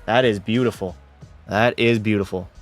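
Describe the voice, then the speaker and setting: Soft music plays behind a man with a fairly low voice who talks at a normal speed. He is live-streaming hockey gameplay, delivering excitable play-by-play and swearing and bantering with chat.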